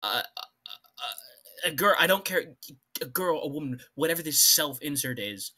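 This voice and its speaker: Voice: medium pitch, brisk, sharp tone. A co-host of a casual comedy show, ranting with exasperated disbelief about the story being read.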